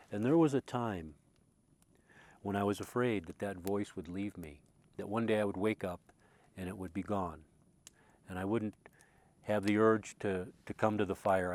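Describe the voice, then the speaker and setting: Low-voiced man telling an emotional story. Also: a little hiss or hum. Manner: earnest, emotional, often repeating words as he restarts; swings from loud passionate recalling to quiet, hushed tones. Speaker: spiritual speaker. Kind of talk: reflective personal storytelling.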